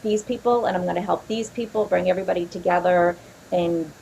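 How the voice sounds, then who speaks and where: Gravelly-voiced woman chatting loosely. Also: on the low side, fairly quick, dark tone, a little hiss or hum, low-quality recording. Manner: laughs often, rambling restarts. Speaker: podcast guest, paranormal investigator. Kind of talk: casual chat.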